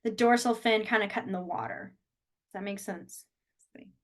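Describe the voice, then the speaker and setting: A woman's voice: medium pitch, moderate pace. A woman teaching a beginner sign language class over a video call from a small room, explaining step by step in a chatty way and laughing often.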